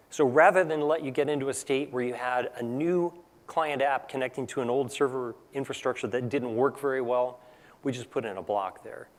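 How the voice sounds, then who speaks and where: A man's voice: mid-range voice, long reverb tail. A man giving a conference presentation in a casual, conversational way, tagging points with "right?". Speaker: technical presenter. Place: large conference hall.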